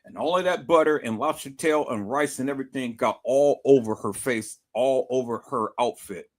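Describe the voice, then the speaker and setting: Animated, profane young man telling a story. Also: mid-range voice. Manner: animated, profane, repetitive and emphatic. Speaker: vlogger. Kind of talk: casual storytelling to camera.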